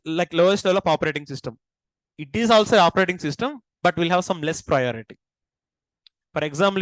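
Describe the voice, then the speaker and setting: Indian man, high voice, lecturing a class and quizzing students, dry close recording. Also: fairly bright tone, no room sound, low-quality recording. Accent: Indian English. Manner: asks the class questions and repeats key points. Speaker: teacher.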